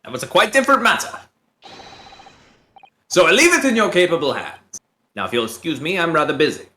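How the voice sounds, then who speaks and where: A snooty refined gentleman detective, as a streamer plays him, bright, sing-song delivery that swoops up and down. breezy and condescending, brushing everyone off with lofty courtesy. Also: fairly high pitch, very animated, fairly quick, a little hiss or hum, pitched above the performer's own voice. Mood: haughty. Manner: pompous, dismissive. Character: haughty upper-class male English detective.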